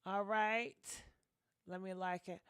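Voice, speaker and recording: A woman's voice: medium pitch, level tone, slow, fairly bright tone, smooth, no room sound, clean studio sound. A young woman hosting a gossip livestream, chatting casually and dramatically with viewers and thanking donors. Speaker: gossip channel host.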